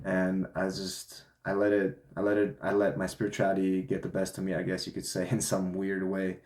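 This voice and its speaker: A man's voice: low voice, completely flat delivery, moderate pace, darkish tone. A young man vlogging, telling a personal story in a loose, candid way, swearing and filling with "like". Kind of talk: casual storytelling monologue. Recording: echoey room.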